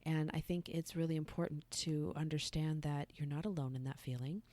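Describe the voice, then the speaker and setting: A woman hosting a podcast and giving a relaxed, unscripted sex-education talk, dropping some words to a whisper. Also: sits low, brisk. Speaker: podcast host.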